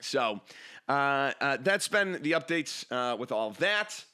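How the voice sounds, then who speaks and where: Young male podcast host, bright and lively voice, rambling, self-mocking, casual chat. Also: mid-range voice, slow pace, clear, resonant tone. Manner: rambling, self-mocking, jumps between tangents.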